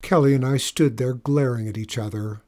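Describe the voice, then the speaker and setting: A man's voice: medium pitch, moderate pace, a little mellow. A man giving wry first-person audiobook narration.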